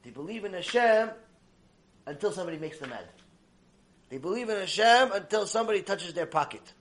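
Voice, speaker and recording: A man giving a religious lecture, telling stories in an animated, emphatic way. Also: high-pitched, brisk. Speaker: religious teacher. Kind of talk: recorded Torah lecture with storytelling.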